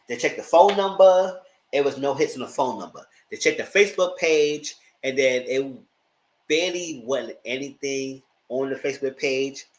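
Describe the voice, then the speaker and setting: A man giving a casual, dramatic recap of a reality TV episode, acting out quotes and laughing often. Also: rough recording. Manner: animated storyteller, acts out quotes with high-pitched outbursts. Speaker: TV show reviewer.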